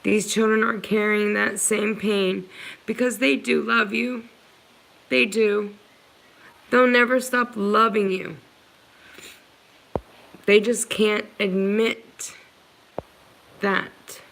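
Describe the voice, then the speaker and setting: A woman's voice: medium pitch, fairly even intonation, takes it slowly, vocal fry, pauses often, fairly bright tone, slight background noise, low-quality recording. A woman hosting a live stream, answering viewers' comments in an earnest, pleading way and talking straight to them. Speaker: livestream host answering viewers.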